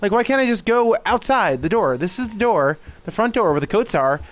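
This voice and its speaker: A young gaming host with a high, sing-song voice talks briskly to his viewers as he plays a horror game. He is jumpy and frightened and swears a lot. The audio is dull and carries slight background noise.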